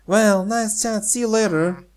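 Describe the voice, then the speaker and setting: A man's voice: sits high, fairly even intonation, unhurried, voice pushed up. A man voicing a friendly young girl neighbor in a game, reading her lines in a raised, girlish voice. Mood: chatty. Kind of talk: reading game dialogue aloud.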